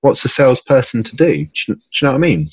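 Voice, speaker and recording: A man's voice: mid-range voice, big pitch swings, racing, slightly rough, no room sound. A man in casual podcast chat, rambling earnestly and often correcting himself. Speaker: podcast guest, hiring client.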